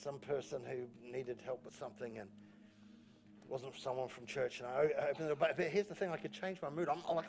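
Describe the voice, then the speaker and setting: A man's voice: mid-range voice, fairly even intonation, fast. A male pastor preaching a sermon in church, repeating key phrases with emphasis and telling jokey stories. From New Zealand. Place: church auditorium.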